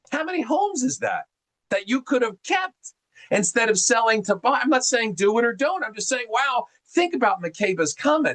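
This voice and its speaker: A middle-aged man from New Jersey speaks in a fairly high voice, running a group call like an animated seminar. He is folksy and keeps calling his listeners gang. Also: poor audio. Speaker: mortgage presenter on a group call. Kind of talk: energetic seminar talk.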